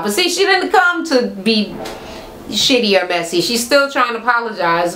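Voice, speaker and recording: A woman's voice: a little high, very animated, measured pace, pauses often, fairly bright tone, slight background noise. A woman vlogger recapping a reality TV episode in a casual, blunt, profane and sarcastic way. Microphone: camera mic. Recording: echoey room.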